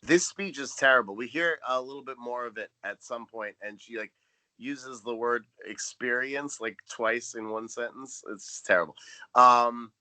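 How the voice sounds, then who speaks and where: A man's voice: mid-range voice, normal speed, pushed and bright. A man co-hosting a podcast in casual chat, making dry, joking asides. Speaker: podcast co-host.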